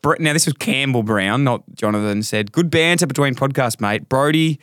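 A man's voice: medium pitch, moderate pace, a bit bright, no room sound, clean studio sound. An Australian man co-hosting a podcast, reading out messages and trying to rein in his co-host in casual banter. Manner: reads out messages, laughs and reins in his co-host.

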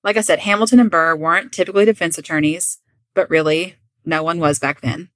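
A woman co-hosting a podcast, telling a true-crime story in lively, laughing casual chat. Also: on the low side, fairly quick, no echo. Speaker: podcast co-host.

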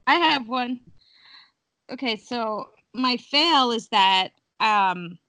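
A woman's voice: a little high, expressive, slow pace, pushed and bright, no echo. A woman co-hosting a podcast in casual chat, blunt and swearing freely as she tells stories. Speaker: podcast co-host.

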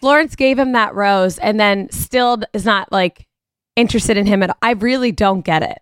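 A woman's voice: mid-range voice, moderate pace, clean tone, dry recording, studio quality. A woman co-hosting a podcast in casual chat, chatty and agreeable, swearing casually. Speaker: podcast co-host. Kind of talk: casual chat recapping a reality show.

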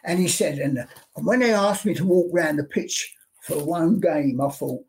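Elderly man telling lively anecdotes. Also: on the high side, normal speed. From London. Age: 80s. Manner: animated, repeats words, acts out quotes. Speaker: interview guest, sports artist. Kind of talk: anecdotal storytelling in an interview. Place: home studio.

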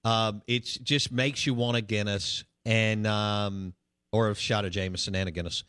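A man's voice: fairly low pitch, moderate pace, clean tone, dry recording, clean studio sound. A man hosting a sports radio show, chatting casually with lots of fillers. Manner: relaxed and chatty, with many fillers.

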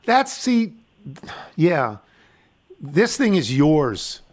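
A man's voice: a little high, big pitch swings, extremely slow. An older man hosting a radio talk show, chatting casually with dry, wry humor. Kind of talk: casual chat.

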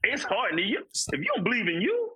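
A man's voice: high voice, wildly swooping pitch, fast, pushed and bright, breathy edge, low-quality recording. A man co-hosting a casual sports podcast, talking emphatically and repeating his points. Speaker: podcast co-host, former football player.

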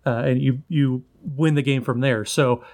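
A man co-hosting a podcast, giving relaxed, friendly advice. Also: mid-range voice, unhurried. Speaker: podcast co-host. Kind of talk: casual chat.

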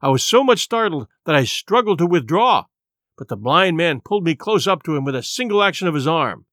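A man narrating a classic adventure story in a dramatic, expressive reading. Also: on the high side, fairly quick, dry recording, clean studio sound. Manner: dramatic, varied pacing. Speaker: audiobook narrator.

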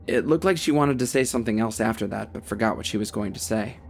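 Gravelly young man narrating horror. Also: on the low side, quick pace, slight background noise. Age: young adult. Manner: steady, tense first-person telling.

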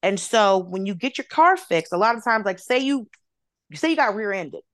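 Comedian woman from Atlanta, mid-pitched, swears freely, dry close mic. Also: moderate pace, no room sound. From Atlanta, United States. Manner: animated, profane, acts out voices of others. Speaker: comedian guest. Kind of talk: casual storytelling.

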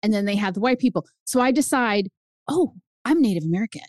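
A woman guest author chatting on a podcast, animated and telling stories while acting out quoted lines. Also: mid-range voice, quick pace, dry recording. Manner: animated storyteller, acts out quotes. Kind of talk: casual podcast chat.

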